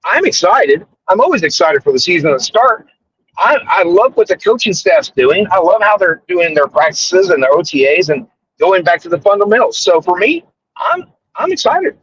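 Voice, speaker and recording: High-voiced man on a lo-fi call. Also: normal speed. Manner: relaxed, easygoing, talking on the move. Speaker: podcast guest. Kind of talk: casual fan podcast chat. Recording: dull lo-fi call audio with faint noise.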